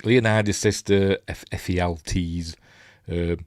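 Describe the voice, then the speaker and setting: A man's voice: deep voice, fairly even intonation, takes it slowly, darkish tone, dry recording, clean studio sound. A man with a Yorkshire accent chatting casually through a film review, rambling with lots of fillers and restarts. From Yorkshire, England. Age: middle-aged. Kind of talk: casual live commentary on a film.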